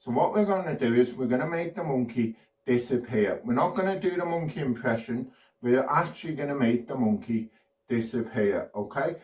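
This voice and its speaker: A man's voice: medium pitch, lively intonation, normal speed, a little mellow, roomy sound, far from the mic, poor audio. A man from the UK performing a playful children's magic routine, prompting the audience to join in.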